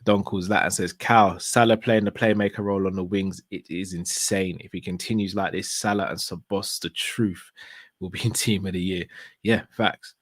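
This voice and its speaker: A man's voice: sits low, normal speed, dry recording, clean studio sound. Laid-back man hosting a stream. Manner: relaxed, slangy, shouts out viewers. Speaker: host reading viewer messages. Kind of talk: casual live-stream chat.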